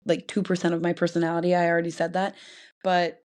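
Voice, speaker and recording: A woman's voice: on the low side, completely flat delivery, fast talker, darkish tone. A young woman hosting her own podcast, talking alone in a rambling, chatty way and laughing often. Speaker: podcast host. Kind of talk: casual solo podcast chat.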